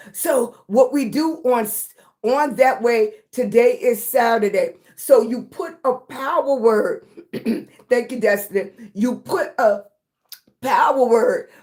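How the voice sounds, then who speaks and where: Slow, slightly raspy woman livestreamer. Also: fairly high pitch, darkish tone. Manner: slow, breathy, affectionate, calls viewers baby. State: short of breath at times. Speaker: livestream host. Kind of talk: casual livestream chat with viewers.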